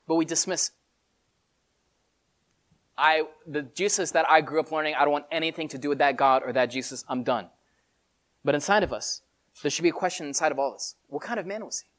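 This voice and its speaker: A preacher giving a sermon in casual, animated storytelling with many filler words. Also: mid-range voice.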